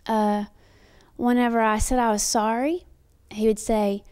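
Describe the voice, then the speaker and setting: A woman's voice: on the high side, level tone, a little slow, darkish tone, clean tone. A young woman telling a comic personal story in a rambling way, full of fillers and restarts. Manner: rambling, filler-heavy retelling.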